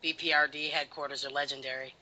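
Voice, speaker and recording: A man's voice: fairly high pitch, flat delivery, fast, bright, forceful tone, rough recording. A man co-hosting a casual film commentary, joking around and leaning on fillers like "you know.". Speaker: podcast co-host.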